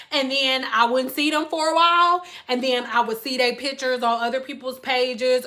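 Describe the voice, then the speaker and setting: A woman hairstylist with a high, bright voice talks to her live-stream viewers. She speaks bluntly and emphatically in a casual chat. She slips into exaggerated voices when she quotes her customers. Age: adult with school-age children.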